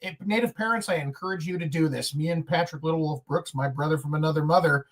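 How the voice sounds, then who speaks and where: A man in his forties co-hosting a podcast, animated and joking, backing up his partner with frequent agreement. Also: on the high side, fast. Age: 40s. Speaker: podcast co-host. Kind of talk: casual conversation.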